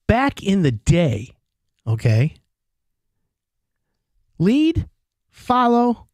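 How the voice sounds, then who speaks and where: A man who runs a roofing company, giving an animated sales pitch in folksy talk and acting out conversations with homeowners. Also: vocal fry, no room sound, clean studio sound. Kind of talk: direct-to-camera sales pitch.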